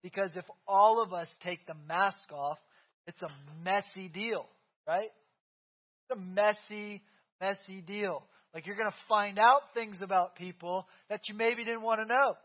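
Pastor, man, 30s, high voice, casual back-and-forth sermon delivery, dull lo-fi church recording. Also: unhurried. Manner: conversational, keeps asking "right?". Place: church sanctuary.

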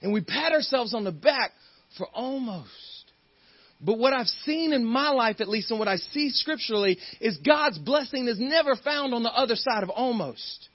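A man preaching a sermon as a guest speaker. He is animated, acts out the figures in his story and gets loud and fired up at the high points. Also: normal speed, breathy edge, dry recording, muffled recording.

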